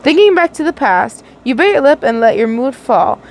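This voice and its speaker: Reading fanfiction out loud, this young woman giggles, trips over words, and fixes her slips. Her high-pitched voice swings widely in pitch at a moderate pace, and the audio quality is poor.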